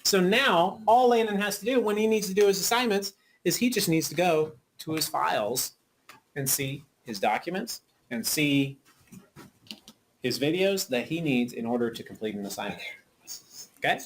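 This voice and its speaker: A woman's voice: low-pitched, expressive, normal speed, slight background noise. A woman teacher giving patient, coaxing instructions to a class of children in a school classroom. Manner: patient, coaxing, frequent okay checks.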